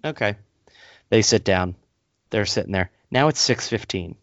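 A low-pitched man tells a rambling, worked-up story on a casual podcast and jumps into high, squeaky voices to play the people he met. The sound is dry and close, but muffled and lo-fi. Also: normal speed, no room sound. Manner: animated storyteller, acts out others in high voices. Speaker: podcast co-host.

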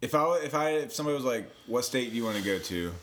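A man's voice: mid-range voice, expressive, fast talker, a bit bright, a little hiss or hum. A young man co-hosting a podcast, joking around casually in a profane, offhand way. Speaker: podcast co-host. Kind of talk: casual chat.

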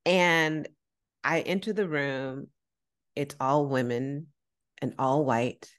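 A woman co-hosting a podcast, telling a personal story in a casual, animated way, acting out quoted dialogue and using slang. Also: sits low, slow. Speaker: podcast co-host.

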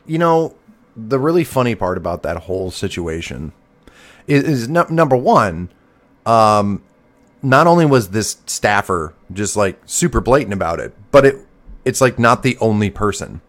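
A man's voice: on the low side, sing-song, unhurried. A man with a Midwestern accent co-hosting a podcast, chatting casually with lots of laughter and sarcastic jokes. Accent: Midwestern American. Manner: laughs often, jokey and sarcastic. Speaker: podcast co-host. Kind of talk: casual chat.

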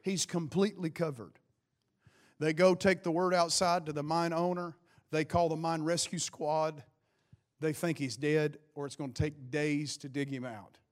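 A man preaching a sermon, fervent and loud, calling out praise and telling stories with acted-out quotes. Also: on the high side, steady tone, normal speed. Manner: fervent, shouting exclamations of praise.

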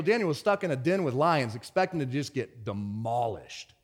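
A pastor delivering a conversational sermon, telling stories in an animated, stop-and-start way. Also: male voice, mid-range voice, normal speed, few pauses, husky. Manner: conversational storytelling, animated, many restarts.

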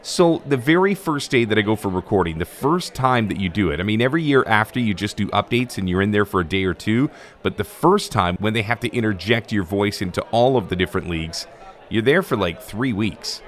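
A man with a somewhat low voice tells a story from his days as a stadium broadcaster and rink announcer. His delivery is casual and animated, with the easy flow of someone used to talking on a microphone. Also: brisk.

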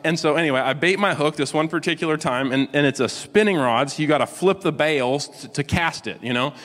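A man in his forties with a slightly high voice preaches in a lively, self-mocking storytelling way, tossing questions out to his listeners. His voice carries a long reverb from a large hall. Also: a little fast. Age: 40s. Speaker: pastor. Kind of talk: sermon with personal story.

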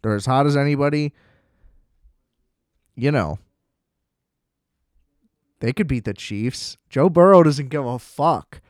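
A man's voice: medium pitch, slow, long pauses, dry recording, clean studio sound. A man giving a blunt, profane, sarcastic solo rant about football games in a casual talk. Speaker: sports commentator.

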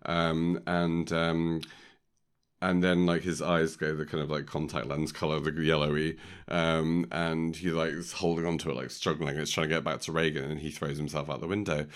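A deep-voiced man chats casually as a podcast co-host. He rambles and jokes, filling gaps with plenty of ums. His voice is smooth and clear. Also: flat delivery, normal speed. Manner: rambling, filler-heavy, jokey. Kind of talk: casual chat recapping a film.

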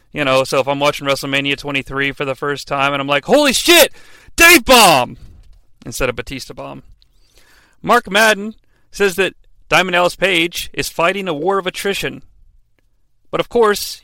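A man's voice: on the high side, pushed and bright, clear, resonant tone, no echo. A man hosting a comedic wrestling recap podcast, narrating with wry, sarcastic asides.

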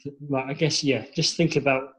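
Guy on a panel, flat voice, keeps restarting his sentences. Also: medium pitch, normal speed, rough recording. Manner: searching, repeats words. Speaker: panel guest. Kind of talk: casual discussion.

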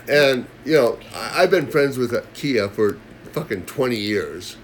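A man in casual chat, telling a story in a profane way and growing loud and heated as he retells a confrontation. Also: mid-range voice, expressive, a little slow, slight background noise. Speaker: podcast co-host telling a story.

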